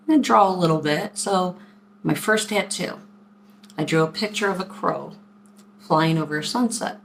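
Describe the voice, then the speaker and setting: A woman in her forties telling stories in a casual vlog, chatty and animated as she acts out what people said. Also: fairly low pitch, normal speed, creaky, long pauses, a little hiss or hum. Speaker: vlogger. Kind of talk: casual storytelling to camera.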